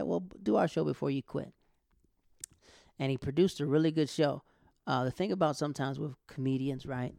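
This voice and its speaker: A young man, a stand-up comic telling stories in a casual chat, animated, laughing often and acting out what people said. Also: medium pitch, vocal fry, no room sound, studio quality. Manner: animated, quick bursts, laughs often, acts out quotes. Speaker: stand-up comic and podcast host.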